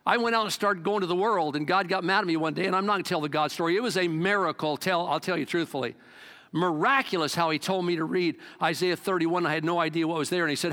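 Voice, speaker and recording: Animated high-voiced male preacher. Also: fast talker. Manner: animated, conversational preaching with swings in pitch and loudness. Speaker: pastor. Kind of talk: sermon.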